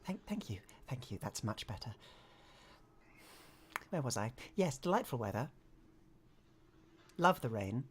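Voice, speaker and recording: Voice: medium pitch, big pitch swings, slight background noise. Game master voicing Lady Redcliffe, poised noblewoman. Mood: prim. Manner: courteous, measured, formal. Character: poised noblewoman patron, polite and controlling. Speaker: game master voicing a non-player character. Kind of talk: tabletop role-play.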